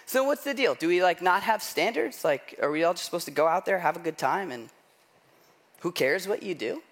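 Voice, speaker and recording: This pastor has a high-pitched voice and speaks a little fast during his sermon. His storytelling is animated and conversational, full of self-deprecating humor and frequent "like" and "right?"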